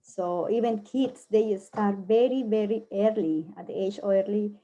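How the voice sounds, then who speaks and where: A woman with a Colombian Spanish accent talks through a casual presentation, stopping often to hunt for the right word. Her voice is mellow and dark-toned, set at a middle pitch. She sounds like someone speaking her second language. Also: lo-fi sound, a little hiss or hum. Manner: halting, many fillers, searching for words. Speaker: guest presenter.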